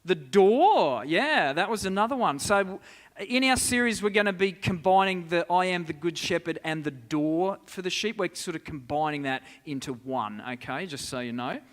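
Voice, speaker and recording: A man with a slightly high voice teaches a church group, chatting easily and asking the room for answers. His voice carries a long reverb off the hall walls. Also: normal speed, a bit bright. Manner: conversational, asks the congregation questions. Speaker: preacher. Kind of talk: interactive Bible teaching.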